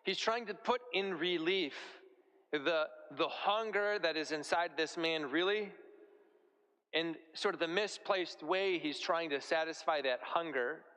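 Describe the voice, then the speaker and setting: Bright-voiced priest in an echoey church. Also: male voice, fairly high pitch, a little slow. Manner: conversational, relaxed preaching with everyday comparisons. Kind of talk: sermon.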